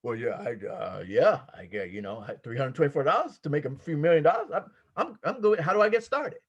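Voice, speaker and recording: A man's voice: on the high side, sing-song, fairly quick, husky, highs cut off, pitched below the performer's own voice, heavily acted. A man voicing a hesitant man who is an interested would-be investor. He stammers, then turns eager.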